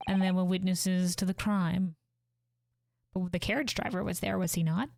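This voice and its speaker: A cold, smug courtroom prosecutor, read by a woman with confident, cutting delivery. Every line lands with quiet certainty. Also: fairly low pitch, fairly even intonation, moderate pace, creaky, noisy background.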